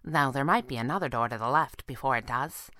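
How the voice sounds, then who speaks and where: A woman's voice: rumbling low, brisk, sharp tone, no echo, clean studio sound. A woman voicing a practical, matter-of-fact female flying squirrel scout in a storybook reading.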